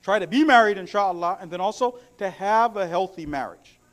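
High-voiced, lively male preacher. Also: brisk. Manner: addresses the congregation directly, mixing humorous stories with recited Arabic. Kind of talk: sermon.

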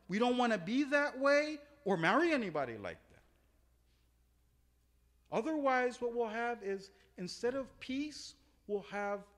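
Animated male preacher, bright lively voice. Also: high voice. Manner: animated, swings from loud emphatic peaks to quiet asides; uses Arabic religious terms. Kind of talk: sermon with storytelling.

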